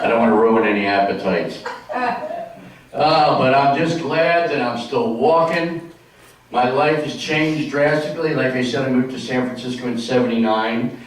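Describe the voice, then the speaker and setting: A man's voice: on the low side, recorded from a distance. Chatty male comedian in an echoey hall. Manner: chatty storytelling, jokey. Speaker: stand-up comedian. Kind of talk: stand-up comedy routine. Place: stage in a senior community hall.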